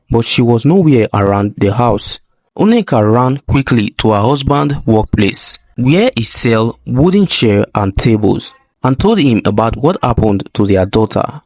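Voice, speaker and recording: A male storyteller reading a folk tale in an expressive way. His pitch moves in a lively manner, and the voice sits at a middle height. The recording is close and dry. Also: unhurried, no room sound.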